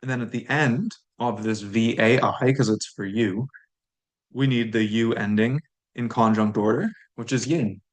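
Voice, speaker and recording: A man teaching a recorded language lesson, explaining grammar in a relaxed way and repeating words slowly for learners. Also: mid-range voice.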